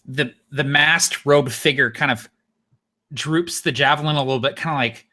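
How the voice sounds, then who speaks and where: A man's voice: mid-range voice, moderate pace, sharp tone. A man running a tabletop game as game master, narrating casually.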